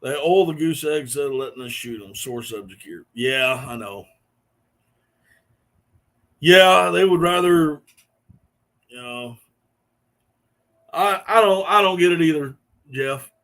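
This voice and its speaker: Man, middle-aged, slightly high voice, chatty live-stream host, rambles and chuckles. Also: animated, unhurried, pauses often, fairly bright tone. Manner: rambling storyteller, chuckling often. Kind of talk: casual chat with viewers.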